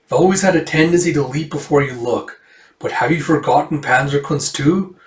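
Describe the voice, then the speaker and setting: A man's voice: fairly high pitch, moderate pace, close to an everyday voice. Guy doing a stuck-up cyborg fighter lady, mocking and cold, echoey room, mic a bit far. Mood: scornful. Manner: mocking, condescending. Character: haughty cyborg martial artist woman. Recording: roomy echo, distant mic.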